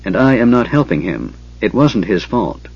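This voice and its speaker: A man's voice: fairly low pitch, very animated, moderate pace, a little mellow, breathy edge, dry recording, highs cut off, full character voice. A man voicing a proud grieving chieftain woman. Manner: emotional, pleading then angry.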